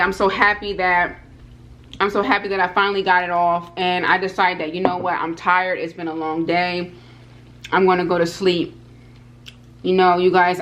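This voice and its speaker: A woman vlogger telling a personal story to her viewers, animated and repeating herself, talking straight to the audience. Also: fairly low pitch, a little hiss or hum. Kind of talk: storytime vlog.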